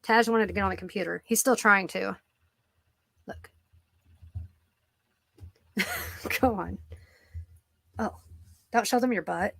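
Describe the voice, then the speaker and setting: A woman's voice: medium pitch, moderate pace, gravelly, long pauses, fairly bright tone, no echo. A woman vlogging casually from home at her computer, rambling with lots of fillers and cooing at her cat. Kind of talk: casual chat to camera. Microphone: computer microphone.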